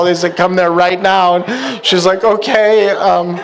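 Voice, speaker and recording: A man's voice: sits high, steady tone, moderate pace. A young man preaching a sermon as pastor, telling a personal story with comic acted-out dialogue and frequent laughs. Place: church hall with live congregation.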